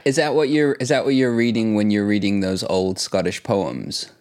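A man co-hosting a podcast in casual chat, giggly and quick to mock himself. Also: on the low side, darkish tone. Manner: giggly, self-mocking. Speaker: podcast co-host.

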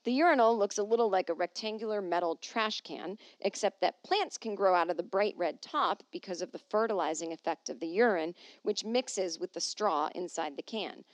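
A woman talks on her own podcast from home, reading an article aloud and breaking off for wry, jokey asides. The sound is close and dry, with no room in it. Her pitch sits in an ordinary middle range. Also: normal speed, few pauses, no room sound. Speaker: podcast host.

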